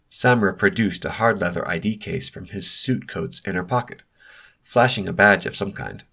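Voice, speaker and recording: A man reading an audiobook as narrator, telling the story in an even, steady way. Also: low-pitched, normal speed, gravelly, slightly rough. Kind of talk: scripted narration.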